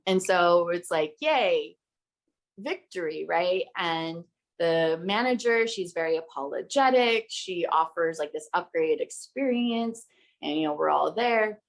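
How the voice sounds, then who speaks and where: A woman's voice: fairly low pitch, a little slow. A young woman hosts a podcast and recounts a story in a fired-up, emphatic voice. She talks casually, curses without holding back, and keeps the telling intense. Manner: heated, emphatic, swears freely. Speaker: podcast host.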